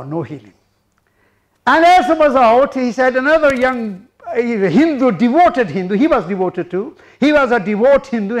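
A man preaching a sermon, retelling a testimony and acting out the people in it. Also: extremely high pitch. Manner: retells a story, acting out the speakers in it.

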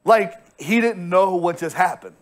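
A man preaching a lively sermon as pastor, conversational and funny, acting out characters and building to shouts. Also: high voice, a little slow. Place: church sanctuary.

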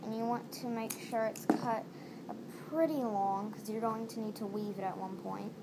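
A woman's voice: a little high, fairly even intonation, normal speed. Woman chatting through a craft how-to. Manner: chatty, repeats each step. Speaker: DIY tutorial maker. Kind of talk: casual step-by-step tutorial. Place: home. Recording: noisy home recording.

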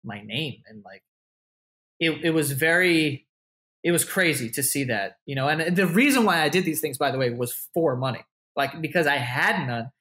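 A man tells stories as a podcast guest in a casual interview, rambling loosely, swearing often, and filling his speech with "like" and restarts. His voice is on the high side, pushed and bright, with lively intonation at a moderate pace.

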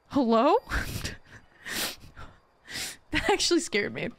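A young woman plays a horror game live, jumpy and foul-mouthed, and often breaks into shrieking laughs. Her voice sits high and swings widely, and she takes her time between words. Faint music runs underneath her. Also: expressive, a little slow, long pauses, a bit bright. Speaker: streamer. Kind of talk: live horror gameplay commentary.

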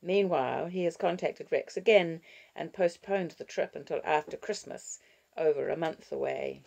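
A woman reading a novel aloud as an audiobook narrator, in a measured and expressive way. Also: low voice, creaky. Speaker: audiobook reader. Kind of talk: scripted narration.

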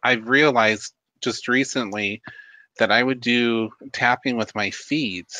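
A man's voice: medium pitch, fairly even intonation, slow pace, pushed and bright, dry recording, low-quality recording. A man hosting the show, chatting casually and reflectively with hesitant fillers. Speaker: show host. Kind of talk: casual chat.

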